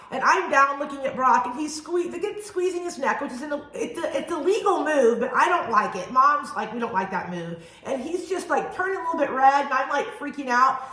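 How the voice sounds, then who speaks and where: A woman in her thirties co-hosting a family podcast, telling stories in a chatty, animated way. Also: sits high, reverberant, poor audio. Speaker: podcast co-host. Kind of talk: casual chat.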